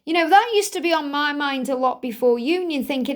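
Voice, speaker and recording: A woman with a high voice leads a spiritual card reading and speaks straight to her listeners. Her tone is soothing and reassuring, and she circles back over the same points to drive them home. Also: expressive, fairly quick, hardly any pauses. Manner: soothing, reassuring, repetitive phrasing. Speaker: tarot card reader.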